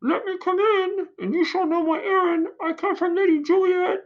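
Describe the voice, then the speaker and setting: A man putting on a high, fretful old nurse. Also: steady tone, moderate pace, dull audio. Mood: urgent. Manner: high, breathless lamenting. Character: fussy, fretful older female nurse.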